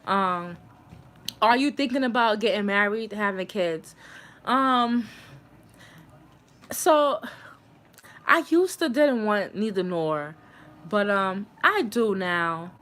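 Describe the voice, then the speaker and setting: A young woman hosting her own livestream, telling a personal story in a casual, animated way. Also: medium pitch, takes it slowly, long pauses. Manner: animated, acts out quoted voices. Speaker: livestream host.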